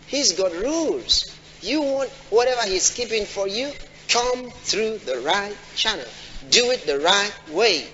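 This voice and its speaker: A man preaching a sermon, often asking the congregation questions and acting out quoted voices in a high pitch. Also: fairly bright tone, slight background noise. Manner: call-and-response questions to the congregation. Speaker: pastor. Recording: dull audio in a large reverberant hall.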